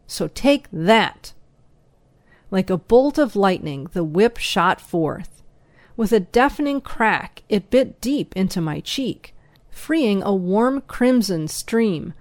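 A woman reading a first-person story aloud as an audiobook narrator, slow, even and measured. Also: mid-range voice, dry recording.

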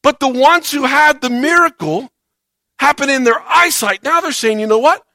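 A man preaching a sermon as a pastor, animated, swinging between loud and soft and acting out quoted voices. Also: very high-pitched, moderate pace, no room sound.

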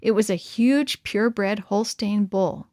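A woman's voice: mid-range voice, slow, darkish tone, no room sound, clean studio sound. A woman reading a children's story aloud, lifting into character voices for the dialogue.

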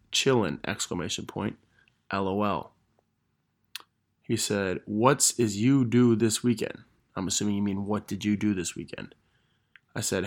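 A man's voice: on the low side, creaky. A young man hosting a casual podcast, rambling and self-deprecating as he reads old messages aloud. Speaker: podcast host.

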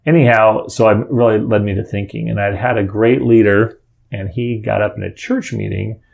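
A man's voice: lowish voice, fairly even intonation, normal speed, gravelly, a little mellow, lo-fi sound. A middle-aged father telling a personal story in a casual, earnest way, rambling and often restarting his sentences.

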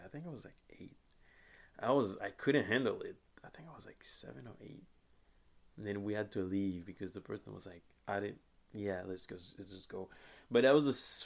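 A man's voice: fairly low pitch, gravelly, a bit bright. A young man hosting a podcast, talking in a rambling, casual way with frequent laughs and restarts. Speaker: podcast host. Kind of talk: casual chat.

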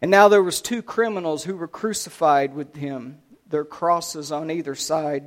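A man preaching a sermon, retelling a scripture story dramatically, swinging between loud and hushed delivery. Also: a little high, a little slow.

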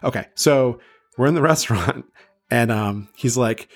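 A man's voice: medium pitch, normal speed. A man in his thirties, from south of Boston, hosting a podcast and telling a story in a chatty, self-deprecating way with many fillers. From south of Boston, USA. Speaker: podcast host.

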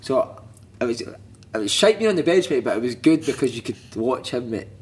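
A Scottish man in his thirties, a former footballer on a podcast, telling animated, sweary stories and shouting out quoted lines. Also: medium pitch, fairly quick, slight background noise. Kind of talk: casual chat, storytelling.

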